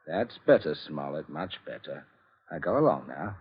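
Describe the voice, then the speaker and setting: Chummy, chuckling patriarch with quiet menace; muffled old radio sound. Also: male voice, a bass voice, lively intonation, moderate pace, slight background noise. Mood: coolly menacing. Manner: chummy and jovial, chuckling while giving orders. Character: genial, coldly menacing middle-class father. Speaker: head of the family. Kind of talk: 1940s radio acting. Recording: muffled 1940s radio broadcast.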